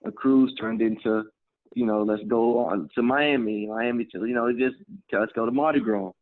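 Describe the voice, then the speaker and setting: A man's voice: medium pitch, steady tone, moderate pace, no room sound. Laid-back storytelling man on a narrow line. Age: 20s. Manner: laid-back, chatty, full of "man" and "you know". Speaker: guest. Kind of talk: casual storytelling interview. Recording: phone-like narrow band.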